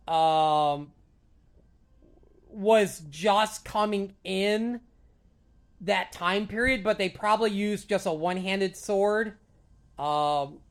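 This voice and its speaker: Slow, rambling, hesitant vlogger. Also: medium pitch. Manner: rambling and hesitant, many fillers and restarts; earnest, openly emotional about films. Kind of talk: casual solo chat to camera.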